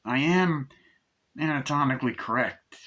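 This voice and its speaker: A man voicing a cocky, crude male killer doll, tossing off smug jokes in a half-mumbled, bright-toned voice. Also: medium pitch, normal speed, lightly acted.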